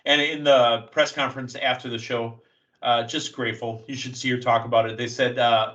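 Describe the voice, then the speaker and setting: A man hosting a casual wrestling podcast, recapping matches in an excited, storytelling play-by-play manner. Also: mid-range voice, brisk, recorded from a distance, highs cut off. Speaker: podcast host.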